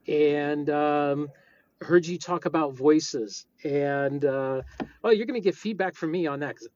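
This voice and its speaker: A middle-aged man leaving a rambling, enthusiastic voice message about game mastering, on a dull lo-fi recording. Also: fairly high pitch. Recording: dull lo-fi voice message with faint hiss.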